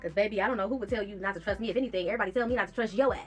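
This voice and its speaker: A woman vlogger telling a personal story straight to her viewers, blunt and profane, with animated indignation. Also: medium pitch, rapid-fire, faint music behind. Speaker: YouTube vlogger. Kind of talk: casual storytime vlog.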